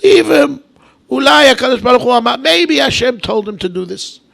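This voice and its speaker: A man voicing a calm, forbearing biblical king in a sermon, pleading in a measured way. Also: very high voice, vocal fry, voice pushed up, heavily acted.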